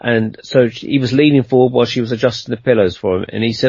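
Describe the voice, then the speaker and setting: A man's voice: medium pitch, big pitch swings, fairly quick, breathy edge, no room sound, muffled recording. A man telling a long anecdote in a casual interview, rambling and conversational, with lots of fillers and restarts. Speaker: guest storyteller.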